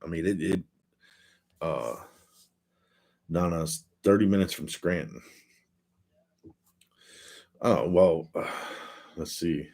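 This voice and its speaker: A man's voice: low-pitched, drawn-out words, gravelly, pauses often, darkish tone. A man hosting a casual livestream from home, reading viewer comments aloud and chatting in a laid-back, rambling way. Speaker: livestream host. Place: at home, indoors.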